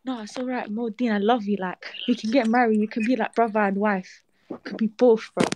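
18 yr old girl from iraq calling in, really high voice, gushing, slangy. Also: steady tone, fairly quick, background noise. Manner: gushing, copying street slang. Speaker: caller. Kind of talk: call-in on a livestream.

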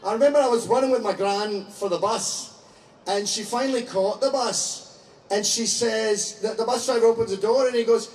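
A man's voice: high-pitched, normal speed, a little mellow, reverberant, far from the mic, rough recording. Crude joking man addressing a crowd. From Scottish parents, raised in England and Canada. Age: 40s. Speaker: public speaker. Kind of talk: outdoor crowd speech.

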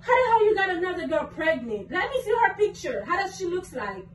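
A young woman vlogger arguing in anger, cursing and repeating herself, at times breaking into shouts. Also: very high voice, sing-song, brisk. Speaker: vlogger, girlfriend in a prank video. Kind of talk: heated casual argument. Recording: echoey room, mic at a distance, faint noise.

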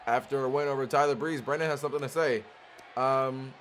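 Young male let's-play host, hyped play-by-play caller who trash-talks the game characters, average pitch. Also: fairly even intonation, a little fast, a bit bright, a little hiss or hum. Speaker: gaming channel host.

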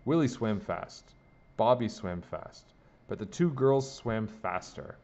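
A man reading a children's picture book aloud in a lively, sing-song way. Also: fairly low pitch, slow. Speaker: storybook reader. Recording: dull lo-fi recording.

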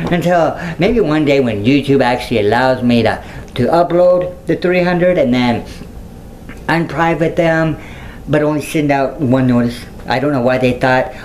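A man's voice: a little high, a little mellow, slight background noise, poor audio. A man chatting casually to viewers on a livestream, playful and giggly, often slipping into mocking sing-song voices. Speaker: YouTuber.

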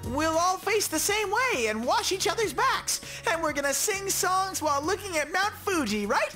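Male actor as childish bear mascot for a game dub: squeaky-high, bouncy, eager. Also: big pitch swings, normal speed. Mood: cheerful. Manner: bubbly, eager, sing-song. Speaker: game character. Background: game music.

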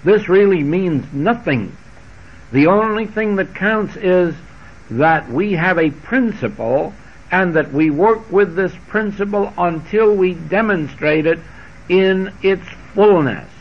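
A man delivers a spiritual lecture at a very slow, measured pace, his voice sitting fairly high for a man. He dwells on scripture phrases and repeats them with shifting emphasis. The sound is dull and lo-fi, like an old archival tape. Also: lively intonation, slightly rough. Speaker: spiritual teacher.

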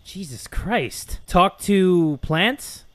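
A man giving comedic let's-play commentary, excitable and swearing, with loud outbursts. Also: high voice, extremely slow, a little hiss or hum. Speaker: gaming video host.

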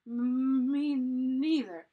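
A woman's voice: high voice, very animated, measured pace, narrow, tinny audio, voice pushed up. Woman voicing worried young boy Jack. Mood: shivering. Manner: anxious and fretful. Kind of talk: storybook read-aloud.

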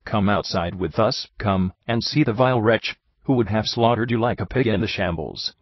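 A man's voice: lowish voice, breathy edge, no echo, lo-fi sound. A man doing an eager French detective. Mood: commanding. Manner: quick, eager, exclamatory. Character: excitable French detective, middle-aged man.

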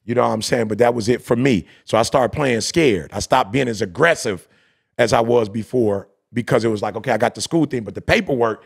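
A man's voice: mid-range voice, a little fast, creaky, breathy edge. A man, hosting a podcast and telling a personal story in casual, slangy talk. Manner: storytelling, animated, slangy, quotes others. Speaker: podcast host.

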